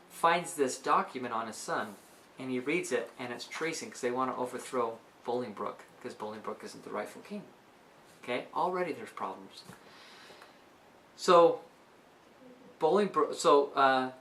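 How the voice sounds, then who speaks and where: Excited lady explaining a play, keeps going "okay?", bright voice. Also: low voice. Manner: chatty and enthusiastic, with frequent checks like "okay?". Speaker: book reviewer and teacher. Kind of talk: casual explanatory retelling.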